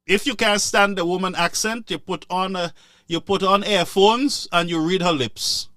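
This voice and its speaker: Scolding man, high bright voice. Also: steady tone, moderate pace, no echo, studio quality. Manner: scolding, repetitive, sarcastic. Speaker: political commentator. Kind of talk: impassioned political commentary.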